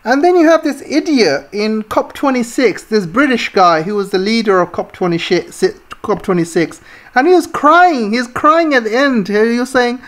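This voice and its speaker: A woman vlogger rants through political commentary, scornful and indignant, with many fillers and restarts. Her voice is a little high and animated, at a normal speed.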